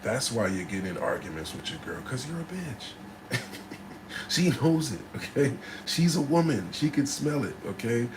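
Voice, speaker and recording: A man's voice: medium pitch, moderate pace. A battle rapper from New Jersey, talking bluntly and casually in slang to his livestream chat. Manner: blunt, laid-back, slangy, answers chat. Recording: steady background noise.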